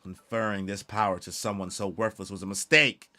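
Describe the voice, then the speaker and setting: A man voicing a scornful, menacing male villain while reading a comic aloud, in a lowered, disdainful voice. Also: fairly even intonation, fairly quick, sharp tone. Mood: contemptuous.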